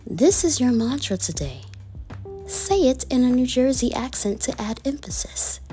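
A woman's voice: sits high, expressive, dark tone, faint music behind. A woman reading out affirmation cards in a casual, playful vlog, drawing words out and dropping into whispered asides. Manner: playful, drawn-out delivery that drops into whispers. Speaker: affirmation card reader.

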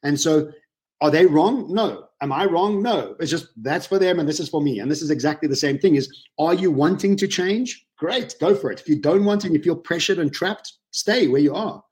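A man, telling personal stories in an animated, emotional way as a guest on a casual webinar interview. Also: a little high, normal speed. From South Africa.

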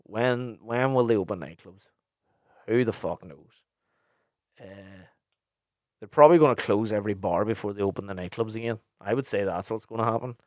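Low-voiced, swearing man. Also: normal speed, no echo, clean studio sound. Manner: blunt and sweary, rambling with filler words. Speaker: podcast host and DJ. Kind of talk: casual podcast chat, answering listener questions.

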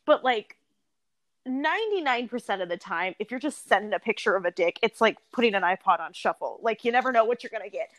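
A woman's voice: medium pitch, lively intonation, fast talker, fairly bright tone, no room sound. A young woman co-hosting a podcast, chatting casually with lots of fillers and laughter. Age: young adult. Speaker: podcast co-host. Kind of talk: casual chat.

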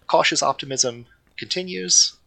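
A man's voice: fairly high pitch, measured pace, vocal fry, sharp tone. A man co-hosting a casual podcast, talking eagerly and rambling, often correcting himself. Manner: enthusiastic, rambling, self-correcting. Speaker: podcast co-host.

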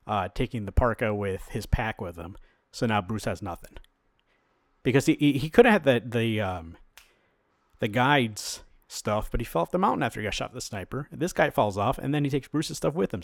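A man's voice: on the low side, dry recording, studio quality. A man co-hosting a podcast, casually retelling a comic book plot, acting out the characters' lines and swearing now and then. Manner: animated storyteller, acts out quotes, swears casually. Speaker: podcast co-host.

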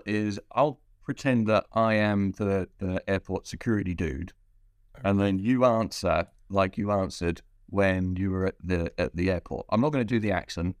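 A man hosts a casual podcast in a fairly low voice, playful and rambling as he restarts his sentences. The sound is dry and close. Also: normal speed, no echo. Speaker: podcast host.

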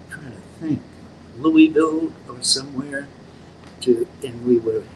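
An older man, an actor, slowly telling stories from his career in a casual interview, acting out the voices he quotes. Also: medium pitch, a little hiss or hum, low-quality recording. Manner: slow, animated storyteller acting out quotes.

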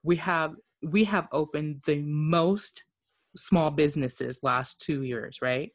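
A woman's voice: deep voice, slow pace, no echo, studio quality. A woman co-hosting a casual podcast chat, outspoken and swearing freely.

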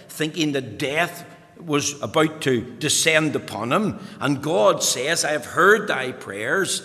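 A man preaching a sermon, reading scripture slowly and building to impassioned emphasis. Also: sharp tone. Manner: rises to impassioned, high-pitched emphasis; slow, deliberate scripture reading in old-fashioned wording. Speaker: pastor. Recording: long hall reverb.

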